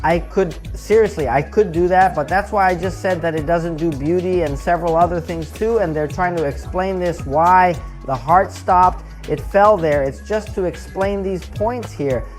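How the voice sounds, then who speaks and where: A chatty reviewer talks through an episode in a loose, rambling way. The speaker often tags lines with "right?" and "bro", at a middle pitch, with faint music behind. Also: moderate pace, hardly any pauses. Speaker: show reviewer. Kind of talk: casual episode recap and review.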